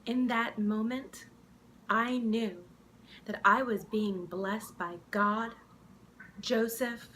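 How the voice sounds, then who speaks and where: A woman telling the story of how she became an actress in an improv comedy mockumentary, wistful and dramatic with soft, hushed asides. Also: a little high, fairly even intonation, extremely slow, pauses often, a little hiss or hum.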